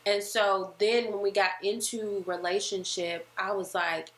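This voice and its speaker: Bright-voiced woman in an echoey room. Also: mid-range voice, a little slow. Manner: animated storyteller who acts out quoted lines. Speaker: podcast co-host. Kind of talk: casual chat. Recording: roomy echo.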